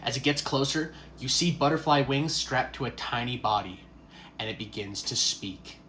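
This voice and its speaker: Guy as a dungeon master narrating the scene, middle-pitched voice. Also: moderate pace, pushed and bright, a little hiss or hum, natural voice. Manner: descriptive storytelling narration. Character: calm male dungeon master narrating a tabletop game. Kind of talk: comedy skit acting.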